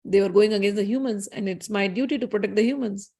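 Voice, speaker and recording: A woman voicing an earnest young king who defends himself haltingly before his guru. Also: medium pitch, creaky, darkish tone, breathy edge. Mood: earnest, defensive. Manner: earnest, stumbling justification.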